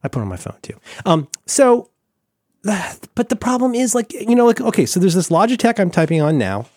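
A man chatting casually about tech as a podcast co-host, excitable and rambling with many restarts. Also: high-pitched, fairly quick, no room sound, clean studio sound.

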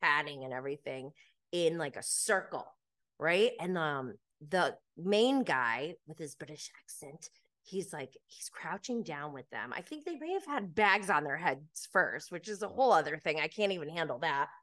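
A podcast host recaps reality TV in a casual, animated chat, laughing often and sprinkling "like" through her talk. Her voice is low-pitched and fairly bright, and she speaks at a normal speed.

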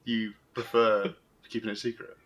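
Young male co-host, lowish voice, short casual interjections. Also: level tone, a little slow, a bit bright. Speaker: podcast co-host. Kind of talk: casual chat.

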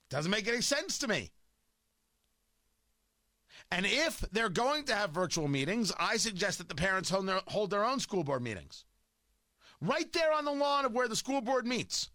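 A man hosting an opinion show, talking loud, combative and mocking. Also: high-pitched, no echo, studio quality. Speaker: talk radio host. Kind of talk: opinion monologue.

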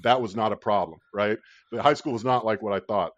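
A man's voice: fairly low pitch, a little fast, no echo, highs cut off. A man in his thirties casually telling a rambling personal story, swearing freely and laughing at his own tale.

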